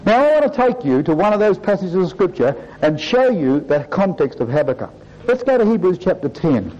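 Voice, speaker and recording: A high-voiced man preaching, his pitch swooping widely from low murmurs to lifted peaks. He delivers the sermon in a rhythmic preaching cadence. The recording is dull and lo-fi, with the top end muffled. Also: very animated, fairly quick, darkish tone. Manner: rising and falling preaching cadence, repeated "brothers and sisters".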